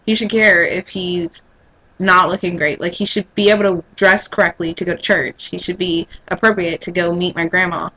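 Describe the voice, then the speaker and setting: An eighteen-year-old woman from Texas giving her blunt opinions in a casual vlog, her voice leaping high when exasperated. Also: steady tone, normal speed, sharp tone, rough recording.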